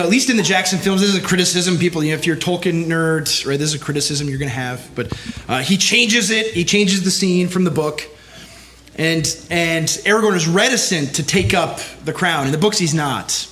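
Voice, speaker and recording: A man's voice: on the high side, fairly bright tone. A man, a pastor giving a conference talk, speaking emphatically and checking in with the audience with "right?" after nearly every line. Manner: emphatic, keeps tagging lines with "right?".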